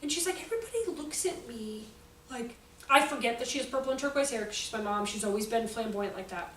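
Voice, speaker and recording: Woman in her forties, high voice, animated and jokey, audience talk, echoey hall, heard from across the room. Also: quick pace. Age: 40s. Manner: animated, jokey, acts out quotes. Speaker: speaker on child behavior. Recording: echoey hall, voice from far off, faint noise.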